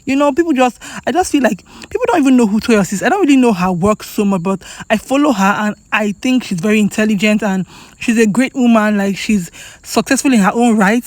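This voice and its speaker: A woman's voice: fairly high pitch, brisk, a little mellow, no room sound. A woman with a Nigerian accent giving casual, emphatic commentary to camera as a celebrity gossip vlogger, repeating points for effect.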